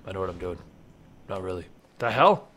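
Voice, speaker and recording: A man casually commentating a video game, joking, excitable and often laughing. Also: low-pitched, fairly quick. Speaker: gameplay commentator. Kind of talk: casual let's-play commentary.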